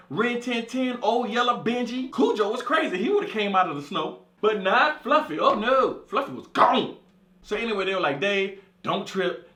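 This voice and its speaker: A man's voice: high voice, echoey room. A man telling a profane comic story as a monologue, acting out the people in it. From California. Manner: animated, profane, acts out voices. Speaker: comedian storyteller.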